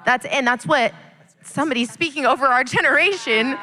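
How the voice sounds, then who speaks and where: A woman's voice: high voice, a little fast, pushed and bright. A woman youth leader sharing passionately and emphatically on a live church panel. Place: church sanctuary, live service. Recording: long church hall reverb.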